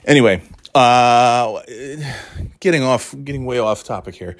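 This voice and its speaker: A man's voice: mid-range voice, a little slow, no echo. A man from New England in a rambling, self-mocking monologue, exasperated at times.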